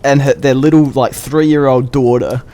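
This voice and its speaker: A young man with an Australian accent, telling a story in a rambling, crude and excitable way. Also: mid-range voice, moderate pace. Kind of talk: casual storytelling.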